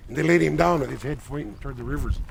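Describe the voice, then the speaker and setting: Older man telling an old legend, gravelly. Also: medium pitch, crowd noise. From Lummi Nation, Pacific Northwest. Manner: unhurried, plain-spoken folk telling. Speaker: tribal elder and storyteller.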